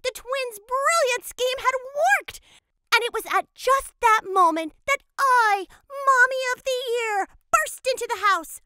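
A woman's voice: very high-pitched, a little slow, bright, forceful tone, heavily acted. A woman voicing a cheerful cat mother who narrates a cartoon storybook in a playful way.

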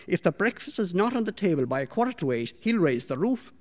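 A man voicing a sharp-tongued, bossy mistress of a house who scolds and gives orders, in a storybook reading. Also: lowish voice, very animated, fast talker, in a large hall, voice pushed up. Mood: impatient. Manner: scolding, impatient, commanding.

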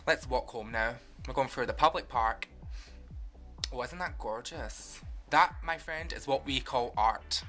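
A man's voice: medium pitch, pushed and bright. A Scottish man who is a vlogger, narrating his day in a casual, jokey, sarcastic way and swearing freely. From Scotland. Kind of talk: casual handheld vlog narration.

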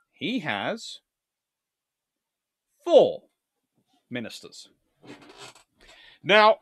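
A man hosting a live-stream history lecture, telling his story in an animated, theatrical way. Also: medium pitch, no echo, studio quality. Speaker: naval historian host.

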